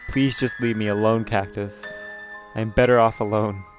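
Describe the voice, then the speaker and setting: A man reads the part of a tearful, withdrawn teenage girl from a game, sad and wanting to be left alone. The voice stays low and evenly pitched. Quiet music plays underneath. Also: steady tone, normal speed, close to an everyday voice. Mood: hurt.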